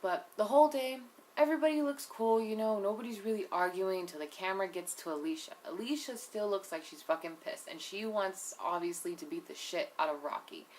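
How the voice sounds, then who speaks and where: A woman's voice: medium pitch, fairly quick, a little mellow, a little hiss or hum. A young woman giving a casual, opinionated recap of a reality show episode, profane and full of "like" and "you know". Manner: blunt, opinionated asides. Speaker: TV episode reviewer.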